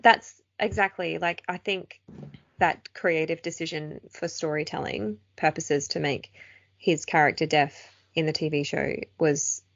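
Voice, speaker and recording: A woman co-hosting a podcast, chatting casually and reacting with quick exclamations. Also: deep voice, fairly even intonation, creaky, no echo. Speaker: podcast co-host. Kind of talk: casual chat. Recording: dry, slightly dull lo-fi sound.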